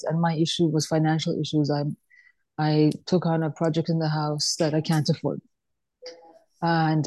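A woman's voice: sits low, dark tone, no room sound. A woman student sharing a personal experience in class, hesitant and with fillers.

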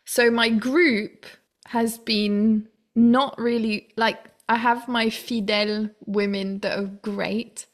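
A woman's voice: a little high, slow. Woman animatedly telling stories. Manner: animated storytelling with laughs and exclamations. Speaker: single mother in a dance class. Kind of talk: casual chat.

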